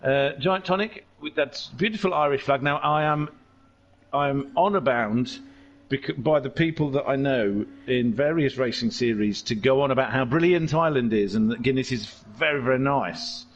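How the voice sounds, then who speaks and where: A man's voice: medium pitch, moderate pace, lo-fi sound, slight background noise. A man commentating a charity race stream, rambling and joking as he goes off on tangents.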